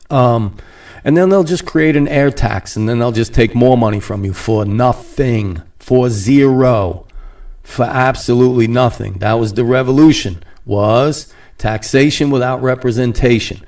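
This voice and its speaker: A man's voice: medium pitch, measured pace, a little mellow, distant mic. A man hosting a podcast, ranting in a casual monologue, sarcastic and rambling, slipping into mocking voices and laughing often. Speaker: podcast host.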